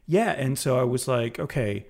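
A man co-hosting a podcast in casual chat, talking loosely and filling pauses with "like" and "uh". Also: medium pitch, animated, vocal fry, a little hiss or hum. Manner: chatty, many fillers like "like" and "uh". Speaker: podcast co-host.

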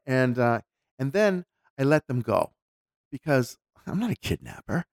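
A man's voice: medium pitch, a little slow, no room sound. Chatty man, dry close sound. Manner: animated storyteller, drops into voices. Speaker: podcast co-host. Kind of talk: casual chat.

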